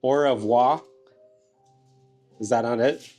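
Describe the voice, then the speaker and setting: A man with a Southern US accent chats through a casual café vlog, easygoing and full of playful jokes at his own expense. His voice sits at a middle pitch, and faint music plays in the background. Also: slow pace, mellow. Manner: joking, easygoing, playful self-teasing. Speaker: vlog host. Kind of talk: casual travel vlog chat. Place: small café indoors.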